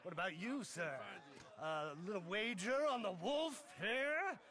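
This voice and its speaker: An actor playing a sly male bookie with a slow drawl in a video game. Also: high voice, sing-song, bright, forceful tone, full character voice. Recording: crowd noise behind.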